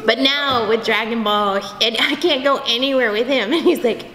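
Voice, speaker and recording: Bubbly woman in an echoey convention room. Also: on the high side. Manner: bubbly, animated storytelling, quick vocal impressions. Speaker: voice actress interviewee. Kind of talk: convention interview chat. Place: convention venue. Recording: echoey convention room, faint background noise.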